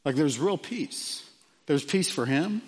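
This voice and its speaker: Earnest pastor preaching in a reverberant hall. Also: male voice, fairly high pitch, lively intonation, takes it slowly, breathy edge. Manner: earnest, dropping quiet for emphasis, frequent fillers. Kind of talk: sermon.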